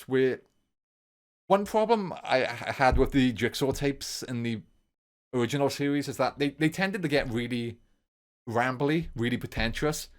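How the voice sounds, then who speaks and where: A man talking through a film review at length in a casual, rambling way. He stays enthusiastic and loose with his language, keeps circling back to the same points, and speaks at a middle pitch, neither deep nor high. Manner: enthusiastic, informal and profane. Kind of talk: long rambling solo review.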